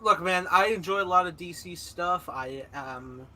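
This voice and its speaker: A man co-hosting a casual podcast, chatting about films with excitable, laughing banter. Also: high voice, normal speed. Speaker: podcast co-host. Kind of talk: casual chat.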